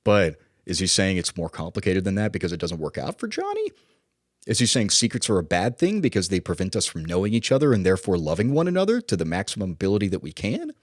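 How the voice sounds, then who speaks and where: Male podcast co-host, low and lively, analytical and questioning, dry close sound. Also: fast talker, no room sound. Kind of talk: casual film discussion.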